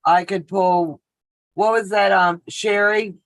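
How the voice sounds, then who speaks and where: A woman's voice: mid-range voice, steady tone, slow pace. Middle-aged woman, host of a live sewing stream; casual, talkative storyteller. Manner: chatty, storytelling, greets viewers by name. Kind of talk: casual chat while sewing.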